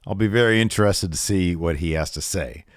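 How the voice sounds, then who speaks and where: Animated man recapping wrestling, dry mic. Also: low voice, a little fast, no echo. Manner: animated, does voices when quoting. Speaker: podcast co-host. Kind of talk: casual wrestling recap chat.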